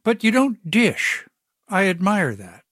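Measured male interviewer, dry studio sound. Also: high-pitched, huge pitch swings, fairly bright tone, no echo. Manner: measured, thoughtful questioning. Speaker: interviewer host. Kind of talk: broadcast interview.

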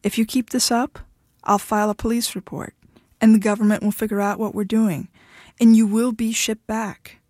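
A woman's voice: a little high, flat delivery, normal speed, darkish tone, dry recording, clean studio sound, natural voice. A woman voicing a tough, blunt woman who is fed up with her husband and speaks firmly. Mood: angry. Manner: blunt, firm, impatient.

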